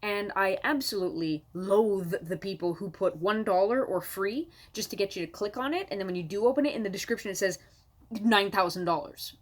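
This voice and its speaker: A woman's voice: medium pitch, brisk. A woman comedian from Canada delivering an exasperated, sarcastic stand-up rant at home, swearing freely.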